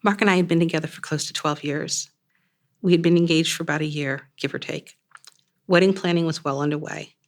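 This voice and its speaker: Woman with a gravelly voice reading her story. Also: deep voice, fairly even intonation. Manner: measured, plain storytelling delivery. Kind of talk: first-person literary reading.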